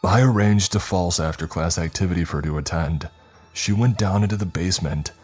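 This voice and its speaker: A man's voice: deep voice, a little fast, darkish tone, slightly rough, faint music behind. A man voicing a middle-aged male school principal who blusters, then pleads defensively. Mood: pleading.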